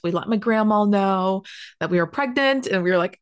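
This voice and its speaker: A young woman telling a personal story in a casual, animated way, full of "like" and quick asides. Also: mid-range voice, smooth. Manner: animated, chatty, heavy use of "like".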